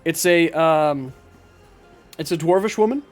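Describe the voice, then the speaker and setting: A man's voice: on the high side, measured pace, soft background music. A man narrating as game master of a tabletop game, hesitant with many fillers.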